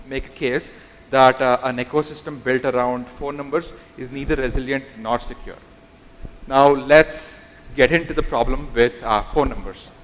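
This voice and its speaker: A man's voice: medium pitch, fairly bright tone. Startup founder guy on stage, lots of ums and okays, hall echo. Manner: halting start with many "um"s and "okay"s. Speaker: startup founder giving a talk. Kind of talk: conference presentation. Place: large conference hall. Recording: long hall reverb.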